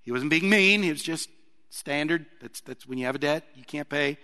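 A man's voice: on the high side, moderate pace, sharp tone. A man preaching a sermon in a conversational way, putting questions to his listeners. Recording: long reverb of a large hall.

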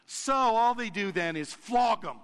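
Animated man preaching in a reverberant hall. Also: sits high, unhurried, clean tone. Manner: animated, acts out quoted reactions, laughs often. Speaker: pastor. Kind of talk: sermon.

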